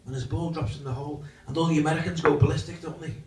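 A man's voice: fairly high pitch, fairly even intonation, very fast, a little mellow. A man doing live stand-up at an event, cheekily teasing the crowd and jumping between voices. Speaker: comedian and impressionist. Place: large function room, indoors. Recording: echoey hall from far off, faint noise.

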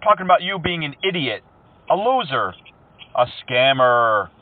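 Mocking prank caller guy, kinda high voice, sounds like a phone line. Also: sing-song, normal speed. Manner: mocking, teasing, playful.

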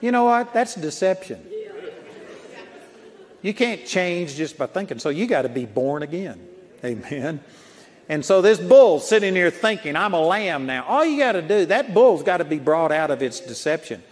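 A man's voice: on the high side, sing-song, moderate pace, a faint crowd. A man preaching a sermon in a folksy storytelling way, chuckling at his own anecdotes. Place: large auditorium. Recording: long auditorium reverb.

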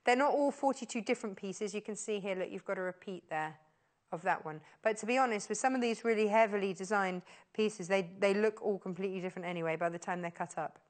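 A woman presenting on a shopping channel, giving a live on-air sales pitch in a gushing, enthusiastic way that keeps repeating words of praise. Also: fast talker. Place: TV studio.

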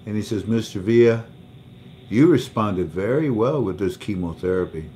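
A man with a low voice tells a personal story on his livestream, often going back over the same words. There is faint noise in the background. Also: animated, moderate pace, mellow. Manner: emotional storytelling, repeats words. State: under treatment for cancer. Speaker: livestream host. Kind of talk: casual livestream talk.

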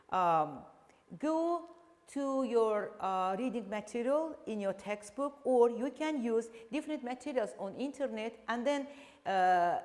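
Woman, Azerbaijani accent, English teacher, very slow, long room reverb. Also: on the high side, darkish tone. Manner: slow, deliberate explaining with fillers. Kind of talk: televised classroom lesson.

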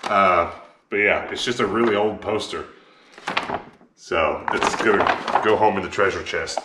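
A man's voice: sits low, measured pace. A man chatting casually as a vlogger, showing off his thrift store finds with enthusiasm. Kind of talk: casual chat. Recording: echoey room with clear background noise.

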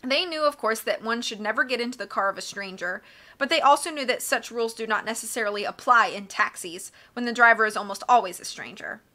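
A woman reading a children's storybook aloud, with lively, expressive narration and small slips that she corrects as she goes. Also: on the high side, fast talker. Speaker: audiobook reader.

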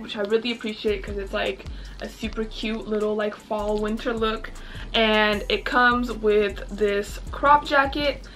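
A woman's voice: medium pitch, a bit bright, far from the mic. A young woman doing a fashion try-on haul, bubbly and gushing, with lots of "like" filler. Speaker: fashion vlogger.

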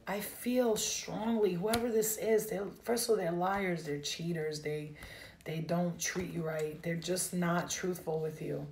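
A woman's voice: fairly low pitch, fairly even intonation, unhurried, gravelly, darkish tone, slight background noise. A woman giving a live tarot reading, emotional and direct, speaking straight to her viewers. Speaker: tarot reader.

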